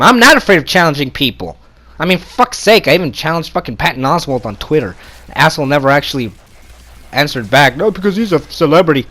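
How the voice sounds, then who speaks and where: A man's voice: fairly high pitch, sharp tone. A man ranting in anger with constant swearing, repeating himself and turning sarcastic as he complains. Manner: heated, swearing, repetitive, sarcastic. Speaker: gamer ranting on video. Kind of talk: angry profane rant. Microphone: console capture mic.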